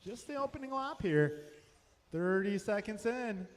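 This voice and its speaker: A man calling a hobby race over the track speakers, briskly reading off lap times, positions and gaps. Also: high voice, animated, big-room sound. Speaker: race announcer. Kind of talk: race commentary.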